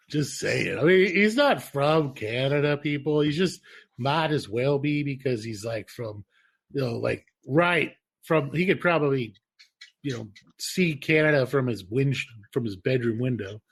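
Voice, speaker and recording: A man co-hosting a podcast, telling rambling stories in a casual, profane, animated way. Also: mid-range voice, unhurried, creaky, husky. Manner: animated, profane, laughing storyteller. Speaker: podcast co-host. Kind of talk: casual chat, storytelling.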